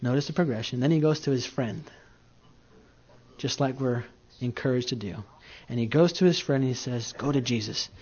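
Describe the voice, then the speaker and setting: A man preaching a sermon in a conversational storytelling way, swinging between loud and soft. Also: medium pitch, moderate pace, pauses often, lo-fi sound.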